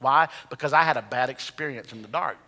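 A man's voice: mid-range voice, quick pace, sharp tone, big-room sound. A man preaching a sermon, telling a story with humor in a conversational way. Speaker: pastor.

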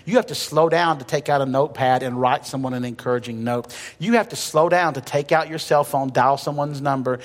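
A man's voice: medium pitch, fairly quick, few pauses. Man preaching in a reverberant hall. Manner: conversational preaching with humor and emphatic repetition. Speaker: pastor. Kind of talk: sermon. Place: church sanctuary. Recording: long reverb of a church hall.

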